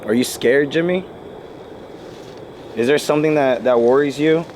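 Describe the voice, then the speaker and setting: A man investigating the paranormal who calls out to a spirit with gentle, coaxing questions inside an old inn at night. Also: mid-range voice, normal speed, slight background noise, low-quality recording. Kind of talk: calling out to a spirit.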